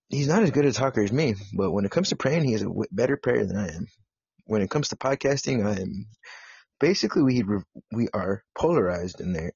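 Gravelly, profane man hosting a podcast. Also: fairly low pitch, darkish tone, no echo, lo-fi sound. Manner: profane, joking, self-mocking. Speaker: podcast host. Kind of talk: solo live podcast chat. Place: home setup in California.

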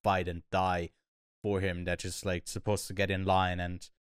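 A man co-hosting a casual film review podcast, talking in a thoughtful, hesitant way with many pauses. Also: low voice, flat delivery, smooth, dry recording, clean studio sound. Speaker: podcast co-host.

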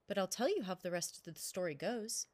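A woman's voice: mid-range voice, animated, fairly quick, darkish tone, lightly acted. A woman voicing a kindly, hopeful old man who tells stories, speaking with patient reassurance. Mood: gentle. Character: kindly old male storyteller, hopeful and gentle.

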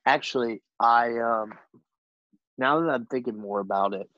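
A man's voice: mid-range voice, normal speed, no room sound. A young man co-hosting a podcast in casual chat, opinionated and laughing at himself. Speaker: podcast co-host. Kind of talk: casual chat about pro wrestling. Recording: dry, dull lo-fi recording.

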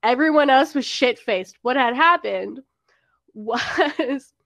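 A young woman with a somewhat high voice tells a rowdy party story in casual chat, laughing often and acting out what her friends said. The sound is close and dry, with no room around her. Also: slow, creaky, no room sound. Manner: laughing, animated storytelling with acted-out quotes. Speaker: co-host telling a party story.

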